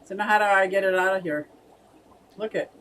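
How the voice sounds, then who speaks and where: A woman's voice: mid-range voice, fairly quick, fairly bright tone, recorded from a distance, poor audio. A woman co-hosting a casual fish hobby live stream, chatting and laughing as she reads out viewer comments.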